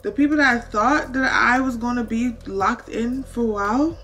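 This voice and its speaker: With a somewhat high, slightly bright voice at a moderate pace, a woman in her twenties talks to her viewers while applying makeup. Recorded on the camera mic with slight background noise, she's chatty, earnest, leans heavily on "like," and shares faith-based advice.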